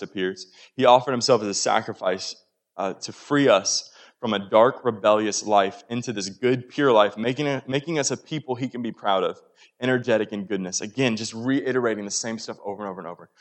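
A young man gives a sermon in a relaxed, conversational way, full of small asides and check-ins with the congregation. His voice sits a little low, and he sounds earnest and plain rather than formal. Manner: casual, earnest, frequent "right?" and "like" asides. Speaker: pastor.

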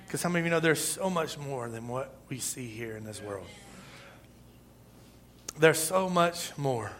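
A man preaching a sermon in a lively, conversational way, with asides, chuckles and emphatic peaks. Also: on the high side. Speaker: pastor.

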